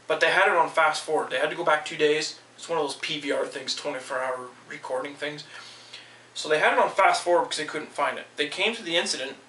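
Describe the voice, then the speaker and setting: A man's voice: on the high side, bright, forceful tone, reverberant, distant mic, poor audio. A man venting in a heated, swearing rant about being let go from his job. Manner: heated, swearing, quotes people in raised voices. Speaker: vlogger. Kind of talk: angry personal rant.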